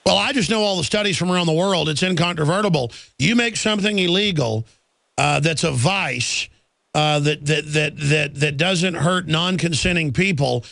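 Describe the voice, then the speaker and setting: Gravelly, emphatic talk radio host. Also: male voice, on the high side, fairly bright tone, no room sound. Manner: emphatic, fast ranting.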